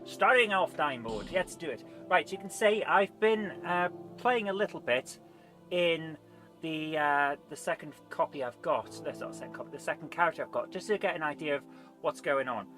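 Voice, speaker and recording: A man streams a game and chats loosely as he goes, reading out viewer comments and eating between lines. His voice is bright and sits a little high. Soft music plays faintly behind him. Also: animated, normal speed. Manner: rambling, reads chat aloud, eats while talking. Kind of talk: casual live-stream chat.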